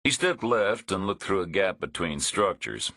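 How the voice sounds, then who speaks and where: Deep, husky male audiobook narrator. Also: very animated, pushed and bright, no room sound, studio quality. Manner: measured, understated reading. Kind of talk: scripted thriller narration.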